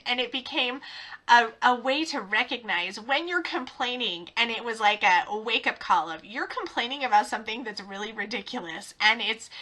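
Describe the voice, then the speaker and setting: A middle-aged woman hosting a podcast, talking in a chatty, animated way and laughing often. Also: a little high. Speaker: podcast host. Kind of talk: casual podcast monologue.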